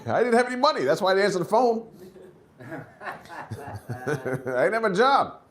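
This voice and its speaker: During his stand-up set, a man acts out characters in high, shouted voices, then sinks into low mutters between bits. His pitch swoops wildly, and his pace is moderate.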